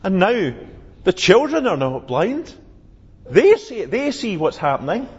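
A man's voice: sits high, very animated, measured pace, husky. A man preaching a sermon, expounding scripture earnestly and emphatically, lifting his voice on quoted cries. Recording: lo-fi with long hall reverb.

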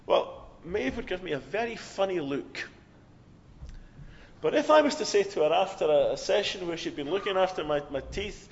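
High-voiced male preacher in a reverberant church. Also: sing-song, unhurried, vocal fry. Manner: storytelling with swings from loud to hushed. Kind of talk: sermon. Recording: long hall reverb, dull lo-fi sound.

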